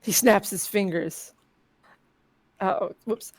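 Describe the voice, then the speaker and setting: Using a desk mic at home, a woman co-hosting a text adventure game stream speaks slowly in a husky, mid-range voice with no room sound. She narrates the game's story text and throws in playful comments.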